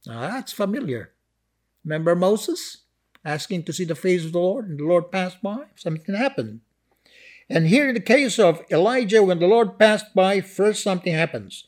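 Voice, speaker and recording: A male pastor preaching a sermon, reading scripture dramatically with emphatic swings in volume and pitch. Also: animated, unhurried.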